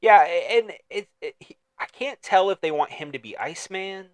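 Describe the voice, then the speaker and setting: A man's voice: high voice, lively intonation, moderate pace, no room sound. A man co-hosting a podcast, chatting casually about a movie in a playful, riffing way with frequent restarts. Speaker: podcast co-host. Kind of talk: casual movie-discussion chat.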